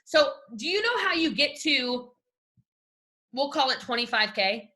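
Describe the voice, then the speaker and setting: Brief: high-pitched Southern woman, bright tone, gushing team-leadership pep talk from home. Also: a little slow. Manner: animated, gushing, talks straight to listeners. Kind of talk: energetic motivational talk on a call. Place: at home desk. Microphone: video call.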